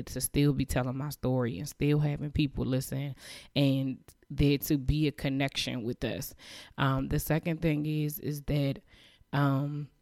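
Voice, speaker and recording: Earnest woman with a gravelly, dry voice. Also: a bass voice, darkish tone, no echo. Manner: earnest, emotional and encouraging, repeats herself. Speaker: podcast host. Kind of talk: motivational faith podcast monologue.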